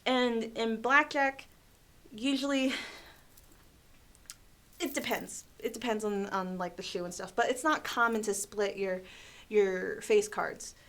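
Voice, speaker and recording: Young adult woman, livestream host, casual storytelling, animated, laughs often, higher voice. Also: takes it slowly, long pauses.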